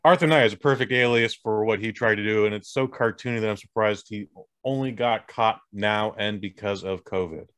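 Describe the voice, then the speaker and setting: A man's voice: lowish voice, a little fast, fairly bright tone, no echo. A man co-hosting a podcast, reacting to his co-host's story and riffing on jokes. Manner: playful, riffs on jokes and reacts. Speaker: podcast co-host. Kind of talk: casual chat.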